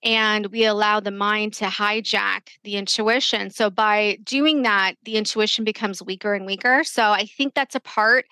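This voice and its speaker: A woman's voice: mid-range voice, fairly even intonation, normal speed, few pauses, bright, forceful tone, smooth, no room sound. A woman hosting a casual interview, thoughtful and searching as she talks. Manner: thoughtful, searching, many fillers.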